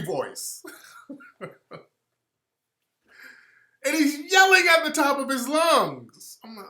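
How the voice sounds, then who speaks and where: Brief: male radio host, sharp and bright tone, with animated storytelling and a lively pitch. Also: slow pace, pauses often. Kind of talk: casual storytelling talk show. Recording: roomy echo.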